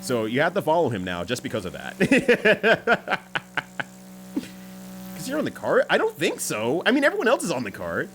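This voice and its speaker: Lively swearing male game streamer. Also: on the high side, quick pace, few pauses, a little hiss or hum. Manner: chatty, swears freely, laughs often. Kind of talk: casual game-streaming chat.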